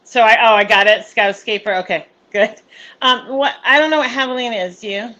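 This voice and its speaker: Chatty woman cohost, kinda high, bright, reads viewer comments and laughs a lot. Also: a little fast, muffled recording. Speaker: livestream co-host. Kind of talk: casual chat.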